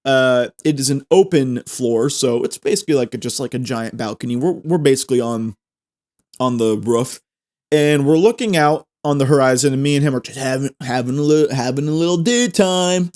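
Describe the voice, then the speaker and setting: This male podcast host has an ordinary mid-range voice, a bit mellow, at a normal pace. He rambles through a comic tale, stumbling over words and restarting them, tossing in jokey asides along the way.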